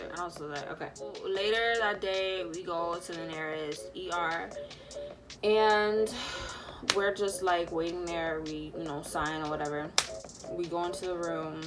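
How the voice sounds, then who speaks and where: A woman's voice: lowish voice, normal speed. Young woman, storytime vlog, chatty, lots of fillers, music behind. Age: young adult. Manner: animated, lots of fillers, acts out quotes. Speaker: vlogger. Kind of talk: storytime vlog, casual retelling.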